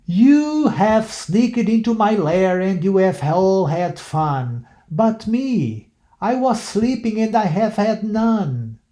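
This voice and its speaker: A man's voice: high-pitched, very animated, takes it slowly, dark tone, pitched above the performer's own voice, heavily acted. A man doing a grumpy, sulky big bear. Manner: complaining, sulky. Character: big grumpy male bear woken from sleep. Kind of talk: reading a picture book aloud.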